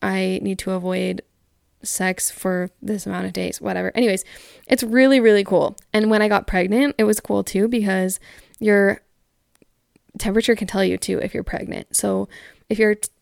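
Chatty young woman with a gravelly edge. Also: medium pitch, fairly even intonation, moderate pace, darkish tone, no room sound, clean studio sound. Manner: chatty, frequent "like" fillers, candid. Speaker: podcast host. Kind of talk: casual chat reading listener stories.

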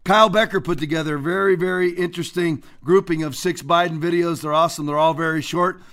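High, bright-voiced ranting male host. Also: steady tone, quick pace. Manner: emphatic, preachy, ranting. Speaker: commentary show host. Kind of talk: political commentary with scripture quotes.

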